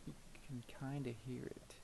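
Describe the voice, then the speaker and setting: A man's voice: medium pitch, flat delivery, moderate pace, creaky, background noise. A man chatting casually over his own gameplay, rambling from one story to the next. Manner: rambling and chatty, with frequent fillers and laughs. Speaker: gameplay video creator.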